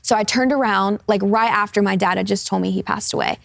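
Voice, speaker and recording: Gravelly young woman sharing a testimony. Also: medium pitch, steady tone, fairly quick, a bit bright, no echo, clean studio sound. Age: 20s. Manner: earnest, casual, with frequent fillers. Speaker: guest. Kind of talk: personal testimony in a studio interview.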